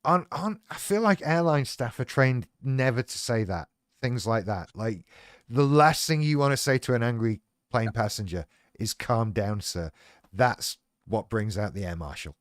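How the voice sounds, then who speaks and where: A man talks frankly and wryly, swearing freely as he chats on a livestream. His voice sits at an ordinary middle pitch. The recording is dry and close, with no room sound. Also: animated, moderate pace, no echo. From United Kingdom. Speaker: livestream host. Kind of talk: casual chat.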